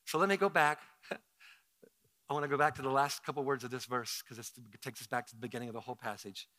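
A man preaching as a pastor, moving from quiet, close talk to loud, shouted declarations. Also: medium pitch, fairly even intonation, a little fast. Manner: swings from hushed intimacy to shouted preaching. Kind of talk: sermon. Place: church with several campuses.

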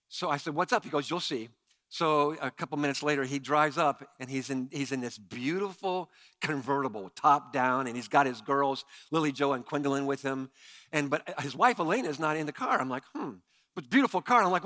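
A middle-aged man delivers a sermon from the pulpit, his voice high and ringing bright. He tells stories with animated energy, stumbles over quick restarts, and sinks into a hushed, low voice to drive a point home. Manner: animated storytelling with repeated stammered restarts; drops to a quiet low voice for emphasis. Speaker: pastor. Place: church sanctuary.

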